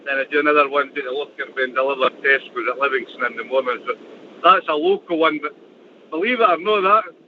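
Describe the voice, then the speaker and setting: A man's voice: medium pitch, quick pace. An older man from Fife with a Scottish accent, calling a radio show from his truck in a chatty, rambling way. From Fife, Scotland. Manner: chatty, repeats words when starting a thought. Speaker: caller, truck driver. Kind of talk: casual call-in chat. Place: in his truck while driving. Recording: muffled call line, faint noise.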